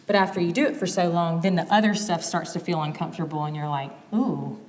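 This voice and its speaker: A woman in her thirties speaks candidly about marriage, slipping into quick acted-out exchanges to make her points. Her voice sits slightly low, and a long reverb trails each phrase as if she is in a large hall. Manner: candid, animated, acts out quoted exchanges. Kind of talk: conversational teaching talk.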